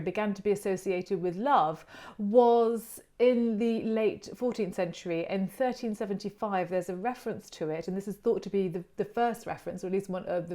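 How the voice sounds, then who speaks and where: A woman hosting a relaxed educational chat. Her voice sits at an ordinary middle pitch, and she talks in a friendly, rambling way, often drifting into little anecdotes before returning to her point. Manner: chatty and digressive, telling stories on herself. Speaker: host of an online art channel's chat series.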